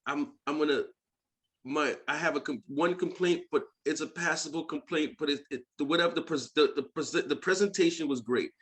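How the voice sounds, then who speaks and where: A man chatting casually as a podcast guest, telling stories and slipping into quick impressions of movie villains. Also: fairly high pitch. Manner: animated storyteller who slips into impressions of movie villains. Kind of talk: casual chat.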